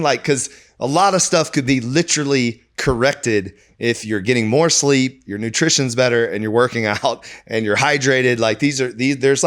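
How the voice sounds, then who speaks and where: A man hosting a casual podcast chat, relaxed and loose, with lots of "like". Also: medium pitch. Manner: relaxed, filler-heavy, says "like" often. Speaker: podcast host.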